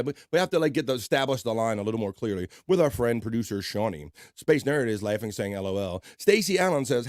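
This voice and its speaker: A man's voice: medium pitch, no room sound. Man, livestream host, casual chat, laid-back and chatty, dry close sound. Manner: laid-back, chatty, laughs often, reads chat aloud. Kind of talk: casual chat reading viewer comments.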